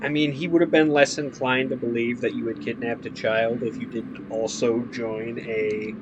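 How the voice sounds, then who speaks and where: A man's voice: medium pitch, fairly even intonation, moderate pace, dull audio, noisy background. Sarcastic gaming streamer, a man. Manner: casual, sarcastic, profane. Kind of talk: let's play commentary.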